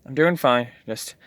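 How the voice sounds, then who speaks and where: A man's voice: medium pitch, a bit bright, no echo, studio quality. A man voicing a jittery male robot clown who is frightened of storms, sighing and whining as he talks. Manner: sighing, whiny, easily frightened.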